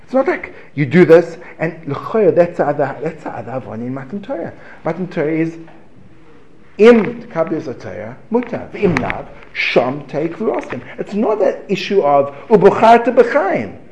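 A man giving a lively Torah class, asking rhetorical questions, breaking off mid-phrase and chuckling as he teaches. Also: fairly high pitch, normal speed, lo-fi sound. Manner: animated, rhetorical questions, self-interrupting and chuckling. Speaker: religious teacher. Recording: echoey room.

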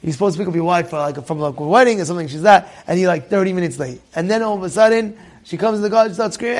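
A man telling a casual anecdote in an animated way, often repeating words and restarting his sentences. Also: high-pitched, very fast. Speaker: storyteller.

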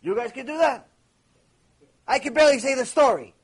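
Husky high-voiced man teaching a lesson. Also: a little fast. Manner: repeats phrases, mixes in Hebrew terms. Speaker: Torah teacher. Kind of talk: storytelling lecture.

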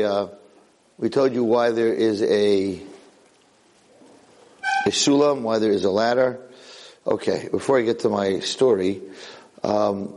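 Gravelly, animated rabbi storyteller. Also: male voice, fairly low pitch. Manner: animated storyteller who acts out characters. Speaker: rabbi teaching a Torah class. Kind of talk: storytelling Torah lesson.

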